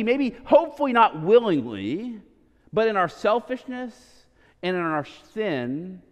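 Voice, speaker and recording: A man's voice: sits high, muffled recording. Guy preaching in church, voice jumps all over, long hall echo. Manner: animated preaching with asides and repeated "right?". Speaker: pastor. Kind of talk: sermon. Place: church sanctuary.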